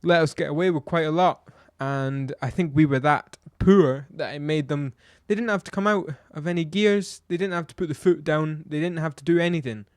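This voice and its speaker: A man's voice: fairly high pitch, moderate pace, hardly any pauses, no echo, clean studio sound. A man giving a blunt, exasperated football match review, ranting and firing off rhetorical questions. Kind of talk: opinionated match review vlog.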